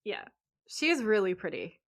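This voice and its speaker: A woman's voice: medium pitch, huge pitch swings, moderate pace. A woman co-hosting a podcast, chatting casually and acting out quoted lines with animation. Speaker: podcast co-host. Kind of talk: casual chat recapping a TV episode.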